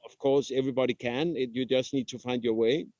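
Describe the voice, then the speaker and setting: A man, a traveling father, answering thoughtfully in a casual interview, pausing often with "uh". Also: medium pitch, fairly even intonation, a little mellow, no room sound. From Denmark. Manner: reflective, halting with frequent "uh".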